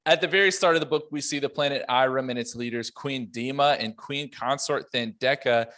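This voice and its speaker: A man hosting a casual podcast roundtable, running briskly through notes and laughing often. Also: medium pitch, bright, forceful tone. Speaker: podcast host.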